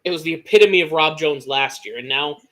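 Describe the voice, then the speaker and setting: A young man with an American Midwest accent co-hosting a casual sports podcast, talking excitedly and rambling with lots of restarts. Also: fairly high pitch, a little fast. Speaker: podcast co-host.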